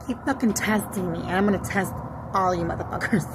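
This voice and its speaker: A woman's voice: mid-range voice, a little fast, noisy background. A woman venting bluntly in a casual monologue, cursing and switching into Spanish. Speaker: vlogger.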